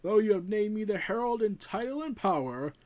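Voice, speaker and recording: A man's voice: high-pitched, expressive, a little fast, a little mellow. A man voicing a proud male thunder god king who makes grand, archaic declarations, read from a comic. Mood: defiant.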